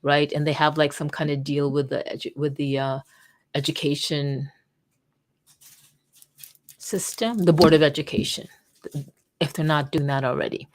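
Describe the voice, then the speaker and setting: A woman's voice: low voice, level tone, normal speed, pauses often, a little mellow. A woman hosting a casual livestream, rambling and jokey, often cutting herself off, with keyboard typing behind her. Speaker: vlogger and livestream host.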